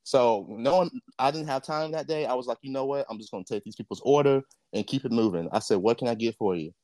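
A man in the middle of a heated, swear-laden podcast rant, blunt and impassioned as he co-hosts the show. His voice sits at an ordinary middle pitch. The recording is dry and close, with no room echo. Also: fast, darkish tone. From Jamaica. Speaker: podcast co-host.

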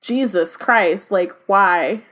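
A woman's voice: mid-range voice, slow pace, fairly bright tone. Woman, casual book-club reader, filler-heavy and slangy. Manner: many fillers and "like", loose slangy asides. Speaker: podcast co-host reading and discussing a book. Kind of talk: casual chat mixed with reading aloud.

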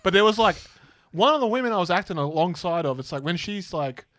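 A man's voice: high-pitched, lively intonation, fast, a bit bright, no echo, clean studio sound. A man in casual podcast chat, wry and fond of acting out what others said. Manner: wry, quotes people in put-on voices. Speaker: podcast co-host.

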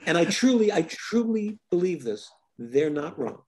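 An older man, a filmmaker, giving thoughtful, halting interview answers full of restarts. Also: a little high, very animated, darkish tone. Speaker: filmmaker guest.

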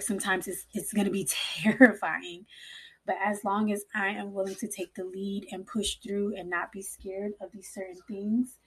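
Young woman, husky voice, casual rambling storytelling, mom, swears a lot. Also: mid-range voice. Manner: rambling, frequent "like", swears freely. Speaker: mother.

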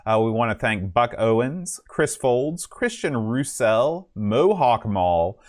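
A man hosting a casual podcast at an everyday middle pitch. He rambles in a loose, self-mocking way as he reads through thanks to listeners. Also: expressive, takes it slowly. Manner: rambling and self-mocking, sings patron names in a high put-on voice. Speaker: podcast host. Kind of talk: casual podcast chat, singing a list of names.

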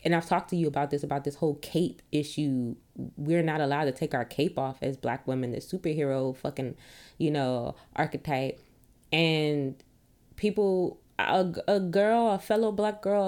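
A woman with a lowish, mellow voice talks candidly into a podcast mic at home. She is emphatic, swears freely, laughs easily, and throws in rhetorical questions and sharp retorts. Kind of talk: casual monologue.

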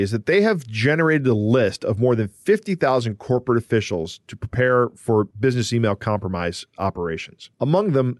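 A man's voice: medium pitch, no room sound, studio quality. A man co-hosting a podcast, explaining a news story in a casual, conversational way with some restarts. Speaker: podcast co-host.

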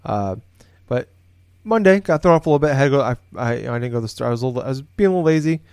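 A man's voice: medium pitch, animated, very fast, a little mellow, smooth, dry recording. A man with a mid-range voice tells a story in casual podcast chat, full of fillers and restarts. The sound is dry and close, recorded at home. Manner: rambling, lots of fillers and restarts. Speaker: podcast co-host. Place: home office, indoors.

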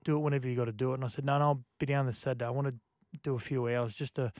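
A man, a radio guest, talking in a halting, reflective way with many restarts. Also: mid-range voice, fairly even intonation, a little mellow, no echo, studio quality. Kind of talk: casual radio chat.

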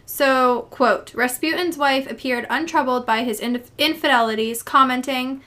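A woman's voice: sits high, normal speed, pushed and bright. A young woman co-hosting a casual history podcast, chatty, laughing often and reading quotes aloud. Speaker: podcast co-host.

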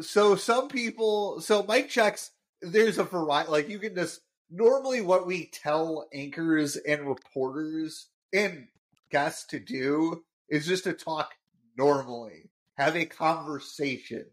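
A man co-hosts a casual podcast, recapping a cartoon episode. He explains at a relaxed pace with plenty of fillers. His voice sits a bit high for a man. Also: slow pace. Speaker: podcast co-host.

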